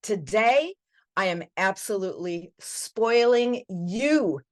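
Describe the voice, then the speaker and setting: A woman's voice: medium pitch, lively intonation, slow. A woman hosting an interview show, speaking in an enthusiastic, motivational and encouraging way. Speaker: host.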